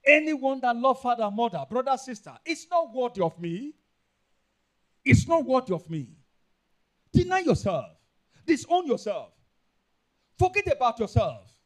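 A man with a Nigerian accent preaching a sermon, emphatic and repetitive, rising into loud bursts. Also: very high voice, sing-song, a little slow, pauses often. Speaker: pastor.

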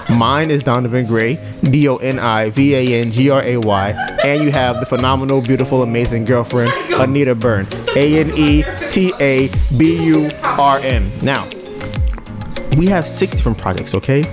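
A man's voice: mid-range voice, normal speed, music in the background. A man hosting a podcast in casual chat, ranting and sarcastic, often repeating himself. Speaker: podcast host.

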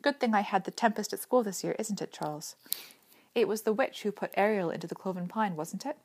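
A woman reading a story aloud, voicing a calm, gentle teenage boy who explains things patiently. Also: medium pitch, a little fast, husky.

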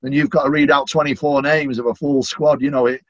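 A man's voice: medium pitch, level tone, a little fast, dry recording, highs cut off. A middle-aged man from Manchester with a Mancunian accent, chatting casually in an interview and dropping in plenty of "you know" fillers. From Manchester, England. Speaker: stadium announcer, podcast guest.

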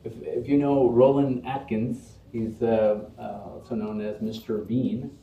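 A man's voice: mid-range voice, little pitch movement, a little slow, slight background noise. A man preaches a Friday sermon, earnest and rhythmic, stacking phrase on phrase with rising emphasis. His voice carries from a distance through a roomy, echoing prayer hall, a little muffled on the recording.

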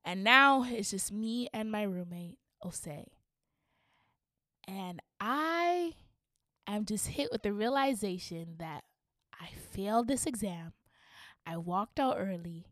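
A young woman hosting a podcast, telling a story casually and animatedly, dropping to a hush and rising to shrieks, laughing through it. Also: medium pitch, takes it slowly, no room sound, studio quality. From Canada. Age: young adult. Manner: animated, swings from hushed to shrieking. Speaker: podcast host.

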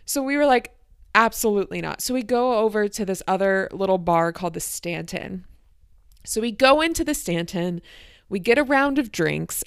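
A young woman hosting her podcast, telling a night-out story in a chatty, animated way and acting out what people said. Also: medium pitch, clean tone, dry recording, studio quality. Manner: animated, chatty, acts out quotes. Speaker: podcast host. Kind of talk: casual storytelling.

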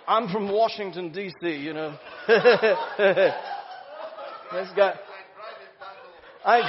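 A pastor preaching an exuberant, laughing sermon in a large church hall. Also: male voice, extremely high pitch, slight background noise. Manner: exuberant, laughing, exclaims hallelujah. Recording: muffled sound, long hall reverb.

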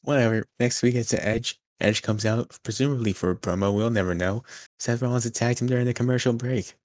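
A young man co-hosting a podcast, chatting casually with dry, deadpan humor. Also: medium pitch, brisk, no room sound. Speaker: podcast co-host. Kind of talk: casual chat.

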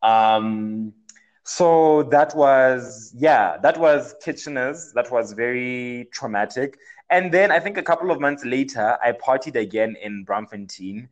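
A man's voice: mid-range voice, measured pace, rough recording. A young man, telling a personal story in a casual chat and leaning heavily on fillers like "like". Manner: animated, filler-heavy storytelling with many "like"s.

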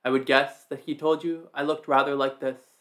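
Storybook ogre woman, ancient, commanding, assertive, level mid-pitched delivery, man reading her. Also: level tone, normal speed, a bit bright, close to an everyday voice. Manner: strong, assertive tone.

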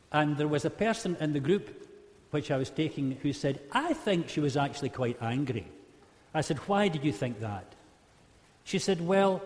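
A man preaching a humorous sermon, telling a Bible story and acting out the quotes in varied voices. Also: fairly high pitch. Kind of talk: sermon storytelling to a live group. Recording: long hall reverb.

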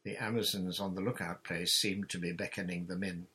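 Male audiobook narrator, steady and measured, lowish voice with a husky edge. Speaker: audiobook reader. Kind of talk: storybook narration.

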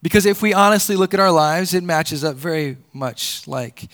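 Preaching at a moderate pace, this male pastor repeats words to build his argument. He alternates between forceful, loud highs and hushed, low moments.

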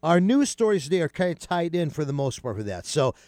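A man hosting a casual radio talk show, chatty and animated, with many fillers and restarts. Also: a little high, fast talker, no echo, studio quality.

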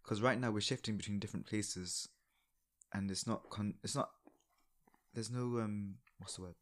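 A man chatting casually on a podcast in a dry, low-key way. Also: fairly even intonation, normal speed. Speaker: podcast co-host. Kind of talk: casual chat.

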